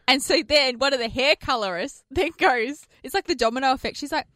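A woman's voice: sits high, fairly quick, hardly any pauses, no echo, studio quality. A woman co-hosting a radio show, telling a story in casual chat and acting out what people said. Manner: animated storyteller, acts out quotes. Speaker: radio co-host.

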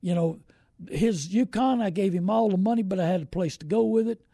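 Gravelly folksy man, rambling. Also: high voice, brisk, warm tone, no room sound, studio quality. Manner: folksy and rambling, greets viewers by name. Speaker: host of a car-buying show. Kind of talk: casual live-stream talk.

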